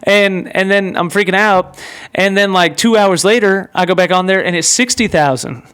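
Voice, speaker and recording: A man hosting his own podcast, telling a story in a rambling, excitable way full of casual filler words. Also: high-pitched, moderate pace, smooth. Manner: excitable, rambling, heavy use of "like" and "bro". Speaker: podcast host.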